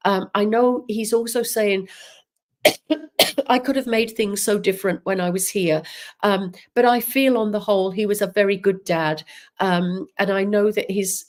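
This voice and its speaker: A woman giving a live psychic reading, talking gently and haltingly with many ums and restarts. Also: medium pitch. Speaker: psychic medium. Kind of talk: live spiritual reading, unscripted.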